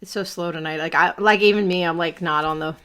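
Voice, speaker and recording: A woman's voice: fairly low pitch, steady tone, fast, pushed and bright, clear, resonant tone. A woman in her thirties with a Brooklyn accent, chatting on a live stream at home, rambling, laughing often and swearing casually. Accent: Brooklyn New York. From Brooklyn, New York.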